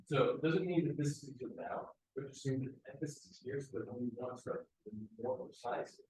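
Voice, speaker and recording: A man coaching a martial arts seminar, giving quick praise and short corrections to students. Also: medium pitch, darkish tone. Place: martial arts school, indoors. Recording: echoey training hall.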